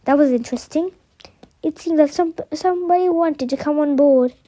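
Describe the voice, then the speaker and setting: A woman's voice: sits high, normal speed, mellow. A woman reading a novel aloud, often stumbling and restarting words as she reads. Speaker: reader of an audiobook.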